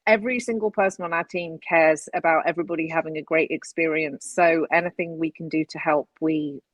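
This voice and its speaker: A woman's voice: sits low, fairly even intonation, fairly quick, no room sound. A woman guest from the conference team, speaking friendly and encouraging on a podcast. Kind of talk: casual podcast conversation.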